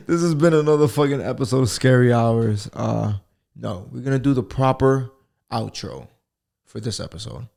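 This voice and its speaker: Gravelly, profane podcast host. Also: male voice, medium pitch, animated, normal speed, darkish tone. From United States. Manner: profane, rambling, laughs at himself. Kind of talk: casual solo podcast monologue.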